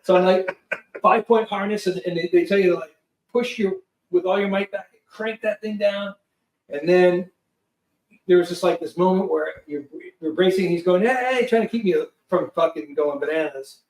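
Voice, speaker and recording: A man telling a lively story as a podcast guest, swearing freely and restarting his sentences often. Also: high voice, moderate pace, reverberant, far from the mic, rough recording. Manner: profane, lively, full of restarts. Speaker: guest producer. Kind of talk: animated storytelling.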